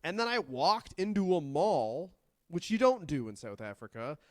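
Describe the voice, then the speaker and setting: A man's voice: a little high, sing-song, moderate pace, dry recording, studio quality. A man from Canada co-hosting a podcast, telling rambling comic stories with lots of swearing. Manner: profane, rambling storyteller. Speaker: podcast co-host. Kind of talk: casual comedic chat.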